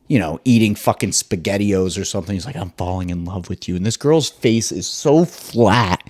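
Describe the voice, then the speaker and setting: Animated, foul-mouthed male podcast host. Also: medium pitch. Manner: animated, profane, excitable rambling. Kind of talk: solo podcast rant.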